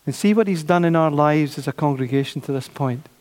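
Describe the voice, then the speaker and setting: A man preaching a sermon, animated, repeating his phrases and acting out the voices of doubters. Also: a little high, a little fast. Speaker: pastor. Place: church. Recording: long church reverb.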